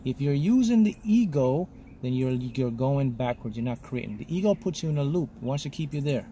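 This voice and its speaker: With a warm, mid-range voice and lively intonation, a spiritual mentor lectures fairly quickly in brief, forceful lines, frequently adding "okay?" to his motivational talk. A little hiss or hum runs underneath.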